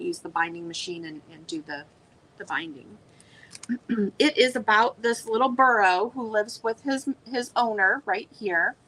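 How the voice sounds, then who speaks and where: A woman's voice: mid-range voice, fairly bright tone, poor audio. A woman selling old books on a live stream, talking in a chatty, rambling way. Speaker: online book seller. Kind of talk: casual live sale chat.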